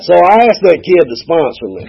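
A man's voice: high voice, sing-song, fairly quick, creaky, very noisy. A man, sharing a folksy, humorous personal story at a recovery meeting, acting out the dialogue. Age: 40s. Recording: dull lo-fi recording.

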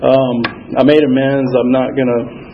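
A man telling his personal recovery story at a support meeting, in a halting, earnest way with many fillers. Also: medium pitch, flat delivery. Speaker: AA speaker sharing his story. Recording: dull lo-fi recording with faint noise.

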